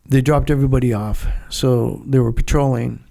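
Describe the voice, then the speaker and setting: An older man in his seventies with a gravelly, mellow voice. He tells blunt, salty stories in a relaxed interview setting and briefly slips into the voices of the people he quotes. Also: mid-range voice, normal speed. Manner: blunt, profane storytelling that acts out dialogue. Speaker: guest, Vietnam veteran. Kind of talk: casual storytelling interview.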